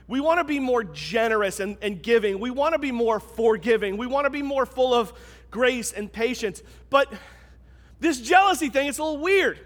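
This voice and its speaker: A man with a very high voice delivers a sermon, talking to the congregation in a loose, conversational way and leaning hard on key words. His voice rings out with the long reverb of a large church hall. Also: sharp tone. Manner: conversational, emphatic preaching. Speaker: pastor.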